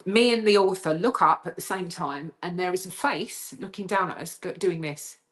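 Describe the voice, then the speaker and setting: On a video call, a woman guest tells a haunting story at a moderate pace in an animated interview, acting out the voices she quotes. As the fright builds, her voice rises high and tense.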